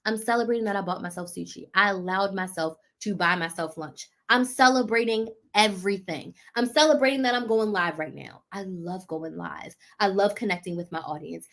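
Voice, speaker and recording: A woman business coach, pitching her program and coaching on a live stream with emphatic, repeated rhetorical questions. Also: a little fast, few pauses, fairly bright tone.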